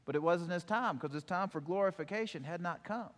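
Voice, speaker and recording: A man giving a sermon, retelling a scripture story in a lively storytelling way with acted-out quotes. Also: high voice, a little fast, few pauses, long reverb tail. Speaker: preacher.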